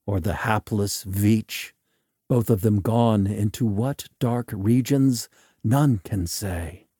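A man narrating a scripted horror story in a measured, ominous way. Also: medium pitch, warm tone, no room sound, clean studio sound.

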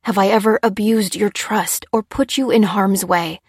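A woman's voice: mid-range voice, steady tone, normal speed, husky, no room sound, clean studio sound. A woman reading the lines of a tense adult man, clipped and insistent, in a storybook reading. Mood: urgent.

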